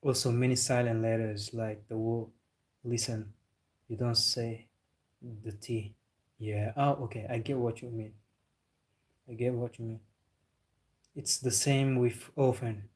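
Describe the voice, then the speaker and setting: Young guy on his livestream, flat-ish voice, chatty, laughs a lot answering chat. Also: medium pitch, a little slow, pauses often. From Senegal. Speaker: football livestream host.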